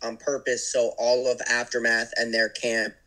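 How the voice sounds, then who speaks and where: A man's voice: medium pitch, monotone, normal speed, sharp tone, low-quality recording. A man chatting casually as a guest, easygoing and thinking aloud. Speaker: guest paintball player. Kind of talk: casual chat.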